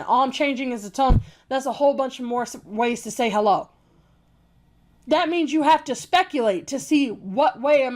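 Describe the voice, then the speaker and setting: A woman with a high voice rants to her camera. She is blunt, heated and full of swearing. She repeats other people's phrases back with open scorn. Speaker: vlogger. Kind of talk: casual opinion rant to camera.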